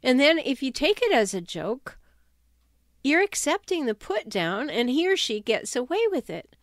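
A woman giving advice on toxic relationships in an emphatic, animated way. She sometimes drops her voice to act out quoted sarcastic remarks. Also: high voice, moderate pace, dry recording, clean studio sound. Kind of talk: talking-head advice video.

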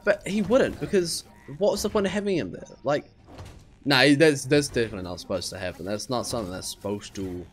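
A man hosting a let's play, talking to himself and his viewers, puzzled and exasperated, with high squeals when surprised. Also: fairly quick, slight background noise. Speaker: gaming channel host.

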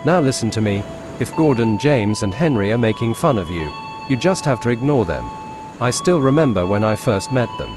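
A man voicing a kind, wise old male engine who speaks calmly and reassuringly, for a fan storybook tale. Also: medium pitch, normal speed, background noise, natural voice. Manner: calm, reassuring.

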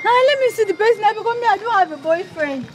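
A woman's voice: very high voice, animated, quick pace, slight background noise. A woman playing a distraught young woman in a scripted skit, hurling tearful accusations. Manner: frantic, tearful accusations, shouting.

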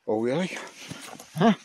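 A man's voice: fairly high pitch, fairly bright tone, slightly rough, no echo. An older man talking casually to his dog, coaxing and teasing it with mild curses. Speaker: dog owner playing with his pet.

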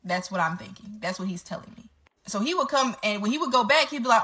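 A woman's voice: fairly high pitch, expressive, quick pace, pushed and bright. A woman telling her story straight to camera in a casual storytime vlog, candid and swearing freely.

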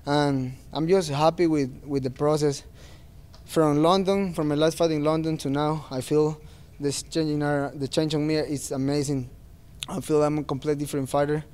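A man's voice: fairly high pitch, fairly even intonation, normal speed, a little mellow, clear, resonant tone. A man speaking as a fighter at a post-fight press interview, earnest and plain-spoken, with non-native phrasing.

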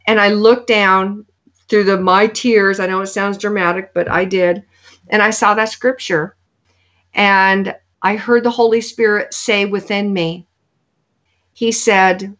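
Slow, earnest preaching woman. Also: medium pitch, fairly even intonation, fairly bright tone. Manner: earnest, preaching, quotes scripture. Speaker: guest. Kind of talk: sermon-like testimony. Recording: dull lo-fi sound.

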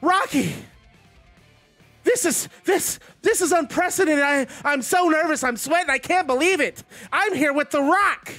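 A grinning, eerily sweet kids'-show host, put on by a man who squeaks his greetings in a very high, singsong voice. The cheer sounds forced and unsettling, with faint music playing behind. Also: big pitch swings, takes it slowly, pushed and bright, no echo, exaggerated voice. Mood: eerily cheerful.

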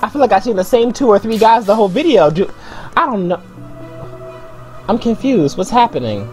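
A woman's voice: medium pitch, expressive, brisk, a little mellow. A young woman hosting a music video reaction vlog, talking casually and ranting in slang. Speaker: reaction channel host.

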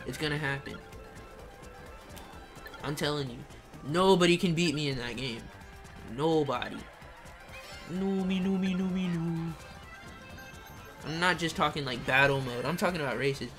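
A young man commentating live gameplay and reading out chat messages, excitable, slangy and full of trash talk. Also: fairly high pitch. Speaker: gaming streamer.

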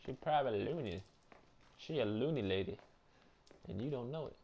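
A young man doing casual let's-play commentary on a horror game, loud, joking and slangy. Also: medium pitch, lively intonation, normal speed, slightly rough. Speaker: gameplay streamer.

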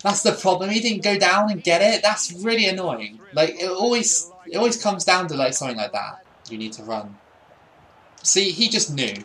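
A man's voice: sits high, lively intonation, normal speed, bright, forceful tone. A young man giving casual commentary over a football video game, often frustrated and swearing at it. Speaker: gaming YouTuber.

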